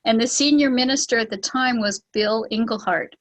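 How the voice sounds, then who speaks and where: A woman leading a spiritual online gathering, telling a story with lively acted-out quotes and laughs. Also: a little high, normal speed, poor audio. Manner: animated, acts out quoted voices with laughs. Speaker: spiritual teacher and ceremony leader. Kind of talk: storytelling talk on an online call.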